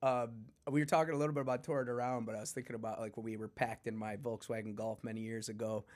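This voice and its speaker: A man's voice: medium pitch, level tone, fast talker, a little mellow. A male show host in an easygoing interview chat, who laughs along and prompts his guest.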